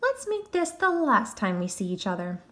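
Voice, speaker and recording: A woman's voice: fairly high pitch, sing-song, normal speed. A stern, fake-sweet caseworker who snaps orders in a clipped, scolding way, as a woman acts her out. Her voice sits raised and swings widely in this storybook reading. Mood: fake polite.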